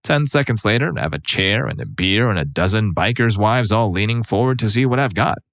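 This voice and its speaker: A man with a fairly low voice narrates online stories, reading them out in first person. His delivery is conversational and wry, like someone telling an anecdote to a friend. The recording is dry and close, with no room sound. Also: lively intonation, brisk, a bit bright, dry recording. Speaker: story narrator.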